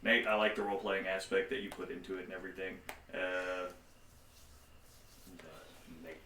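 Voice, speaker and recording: A man who runs a tabletop game gives blunt, casual feedback to his group and swears freely. His voice is bright and forward. He sits back from the mic in an echoey room with faint noise behind him. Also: low-pitched, little pitch movement, moderate pace, distant mic. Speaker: game master.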